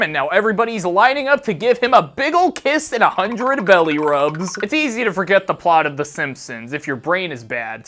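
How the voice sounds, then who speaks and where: Rambling deadpan comedian. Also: medium pitch. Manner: rambling, absurd deadpan rants. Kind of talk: comedic monologue.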